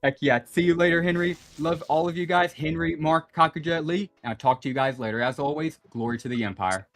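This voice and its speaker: A man's voice: a little high, brisk. A young man telling a story in a casual group voice chat, rambling and full of "like" and "you know". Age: young adult. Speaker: guest on a gaming stream. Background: faint background music.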